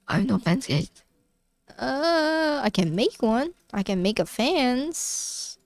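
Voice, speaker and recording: A woman's voice: a little high, lively intonation, normal speed. A woman casually chatting to herself and her viewers while she plays a game, playful and talking to the animals on screen. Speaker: streamer. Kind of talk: casual gameplay commentary.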